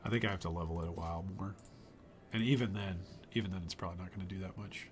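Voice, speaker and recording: Low-pitched and talking very fast, a man streams himself gaming and narrates offhandedly, musing aloud and drifting off mid-thought. His voice is fading and thin, with slight noise in the background.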